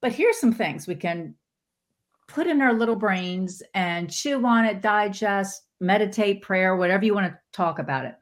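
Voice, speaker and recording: A woman guest giving a motivational talk on spirituality, animated, her pitch often jumping into quoted voices. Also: normal speed. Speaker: podcast guest, spiritual teacher.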